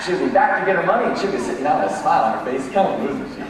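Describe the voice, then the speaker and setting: Animated man speaking in an echoey hall. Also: a little high, racing, a crowd in the background. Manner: animated, acts out voices of people in his examples. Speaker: motivational speaker. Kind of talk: lively leadership talk to a live audience. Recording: echoey hall, mic from a distance.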